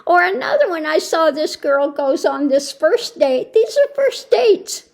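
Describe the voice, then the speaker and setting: At home, a woman running a tarot channel rambles to camera, frequently starting over and crying out in disbelief. She speaks a little slowly, her creaky voice pitched extremely high and swinging widely in pitch.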